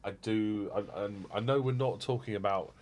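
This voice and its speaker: At home, a podcast co-host rambles through casual chat, laughing as he acts out his stories. His voice is lowish and darkish in tone, moving at a moderate pace.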